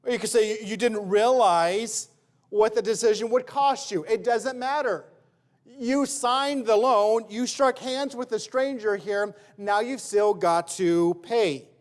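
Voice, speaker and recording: A man's voice: high-pitched, unhurried. A male pastor preaching a sermon in church, conversational and full of everyday examples.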